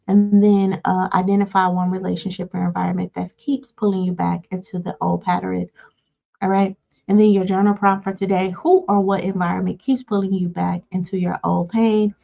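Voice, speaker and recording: A woman coaching listeners on healing, often pausing with "all right" between points. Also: medium pitch, creaky. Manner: repeats "all right" between points, acts out calm replies. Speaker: life coach. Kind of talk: motivational teaching talk. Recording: dull lo-fi sound.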